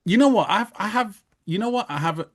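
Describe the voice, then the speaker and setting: A man's voice: sits high, brisk. A man in his thirties, from England, co-hosting a casual podcast, laughing often and telling stories with slang. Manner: laughing, animated storytelling, London slang. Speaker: podcast co-host. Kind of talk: casual chat.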